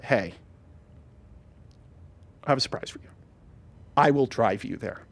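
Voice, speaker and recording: Brief: man reading grave disappointed dad, dropped low and quiet. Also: measured pace, vocal fry. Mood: coaxing. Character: stern middle-aged father, gravely disappointed.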